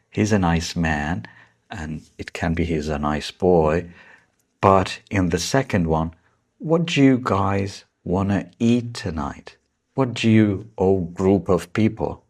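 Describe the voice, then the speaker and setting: Slow, husky-voiced man teaching English. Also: deep voice. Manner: slow, patient explaining with stressed key words. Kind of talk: vocabulary lesson.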